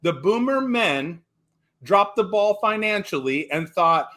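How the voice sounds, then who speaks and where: A man's voice: sits high, lively intonation, a little slow, sharp tone. A man calling in to a talk show, ranting emphatically with stumbling restarts and blunt profanity. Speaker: caller. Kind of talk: call-in radio chat.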